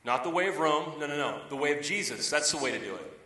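Pastor preaching in a roomy hall. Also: male voice, fairly high pitch, lively intonation, fast, pushed and bright. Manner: conversational storytelling, emphatic repetition. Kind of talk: sermon. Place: church sanctuary. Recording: roomy, distant from the mic.

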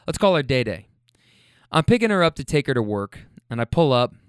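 The speaker is a rideshare driver with a medium-pitched voice who talks a little fast as he laughs through profane, funny stories about his riders. His tone is clean, and the recording is dry and studio quality. The storytelling is casual and animated.

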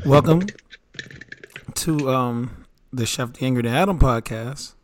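A man's voice: mid-range voice, unhurried, a little hiss or hum. A man co-hosting a casual podcast, playful and teasing, laughing often. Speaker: podcast co-host.

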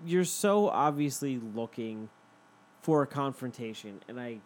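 A young man hosting a podcast, telling stories in a profane, animated casual chat. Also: mid-range voice, a little slow, slight background noise. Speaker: podcast host.

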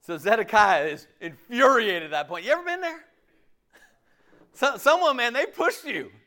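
A pastor giving a casual, jokey sermon, asking the audience questions and laughing often. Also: male voice, very high-pitched, animated, normal speed, sharp tone.

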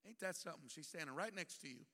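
Man preaching, bright sharp voice, jokey animated storytelling, long reverb in the sanctuary. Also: fairly high pitch, quick pace, gravelly. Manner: animated storytelling, acts out scenes with humor. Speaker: bishop and preacher. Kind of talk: sermon. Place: church sanctuary. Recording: long church hall reverb.

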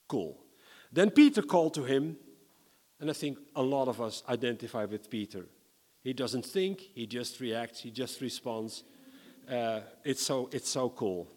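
A man from the Netherlands, preaching a sermon in a lively, humorous way and reading scripture dramatically. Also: medium pitch, unhurried, long reverb tail.

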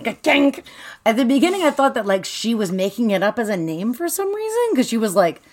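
A woman's voice: on the high side, big pitch swings, quick pace, darkish tone. A woman co-hosting a casual book recap, laughing often and mocking the characters in put-on voices. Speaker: podcast co-host.

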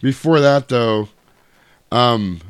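A man in casual podcast chat, recapping a movie plot in an animated, profane storytelling way. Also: mid-range voice, very slow, smooth, no echo. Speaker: podcast co-host.

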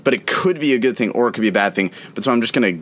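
A man's voice: medium pitch, expressive, rapid-fire, fairly bright tone. A man co-hosting a podcast in casual chat, hesitant and rambling, with many restarts. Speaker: podcast co-host.

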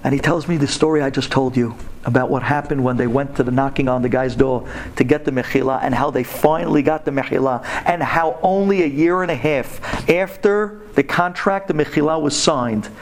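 A man delivers a storytelling talk to women in the style of a sermon, animated and emphatic. His pitch swings sharply up and down, and he speaks fairly quickly.

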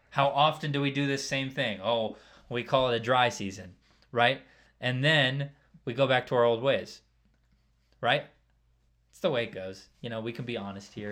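A man preaching a casual sermon, talking conversationally and checking in with the listeners by asking "right?" again and again. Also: mid-range voice. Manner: conversational, keeps asking "right?", drops quieter for asides.

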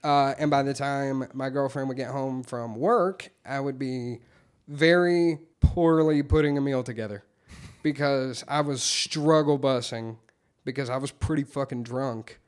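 A man telling his recovery story in casual, candid talk, swearing freely and getting animated when he quotes himself. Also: mid-range voice, a little slow, clear, resonant tone.

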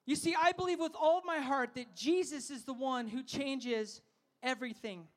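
A man preaching at a festival in a high, bright voice. He is lively and funny and often calls on the crowd to answer back. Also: moderate pace. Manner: energetic, asks the crowd to call back; humorous storytelling. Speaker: festival speaker. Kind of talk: sermon.

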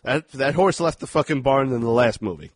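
A man co-hosting a podcast, chatting casually as he recaps a horror movie scene by scene, animated and quick to act out outbursts. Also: mid-range voice, no room sound. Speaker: podcast co-host. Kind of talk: casual movie review chat.

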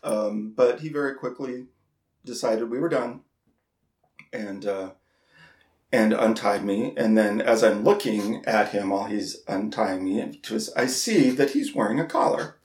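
A man co-hosting a podcast, telling a story in casual chat, halting and repeating words, laughing at himself. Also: on the low side, animated, a little mellow, roomy sound. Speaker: podcast co-host.

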